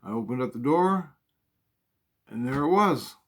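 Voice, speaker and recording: A man's voice: mid-range voice, animated, unhurried, fairly bright tone. A man casually telling a personal spiritual story, swearing freely and talking in an earnest, conversational way.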